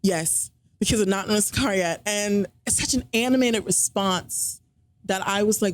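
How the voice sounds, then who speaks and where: On a podcast, a female guest tells a personal story in casual conversation, packing it with fillers and acting out quoted dialogue. Her voice is mid-range and her pace moderate.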